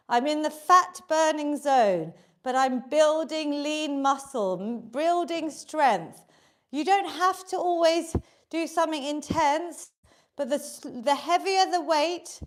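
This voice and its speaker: A woman fitness instructor leading a live online workout class, giving upbeat, encouraging coaching cues. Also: high voice.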